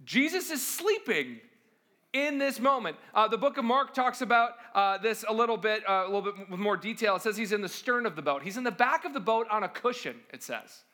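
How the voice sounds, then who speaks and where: Guy pastor preaching, pretty high voice, super animated, keeps asking "right?". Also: fairly quick. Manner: conversational, with frequent rhetorical questions; acts out quoted voices dramatically. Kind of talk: sermon.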